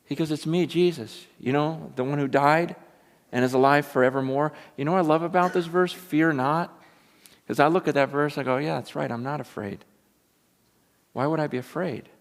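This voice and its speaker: A man preaching a sermon in a lively, animated way, acting out quotes and building to loud, excited peaks. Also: fairly high pitch, normal speed. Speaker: pastor. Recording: long reverb of a large hall.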